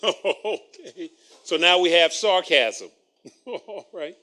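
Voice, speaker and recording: A man's voice: sits high, animated, takes it slowly, bright, forceful tone. A man preaching a sermon, reading scripture and breaking in with wry asides and chuckles.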